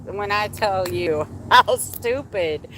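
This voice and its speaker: A woman's voice: mid-range voice, slow pace, a bit bright, slight background noise. A young adult woman hosting a livestream, telling a candid personal story in casual, heavily profane talk. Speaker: livestream host.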